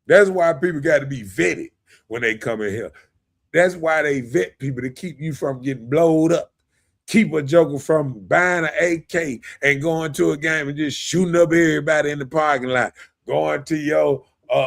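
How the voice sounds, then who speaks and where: A man, hosting a podcast in casual opinion talk, animated, often asking "you know what I'm saying" and laughing. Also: on the high side, moderate pace, vocal fry. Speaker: podcast host.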